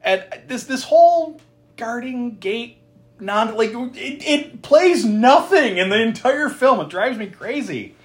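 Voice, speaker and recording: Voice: mid-range voice, very animated, slow. A podcast co-host recapping a film in casual chat, laughing often, swearing freely and tossing in sarcastic asides.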